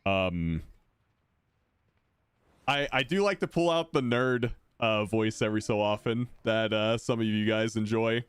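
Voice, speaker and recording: A man with a deep voice chatting casually and rambling while he streams a game. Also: measured pace, clear, resonant tone, no echo. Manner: rambling, self-correcting, laid-back. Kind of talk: casual chat while gaming.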